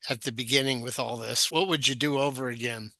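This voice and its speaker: A man moderating a webinar panel, putting direct questions to the guests in halting, restarting phrases. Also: mid-range voice, fairly even intonation, bright, forceful tone, no room sound.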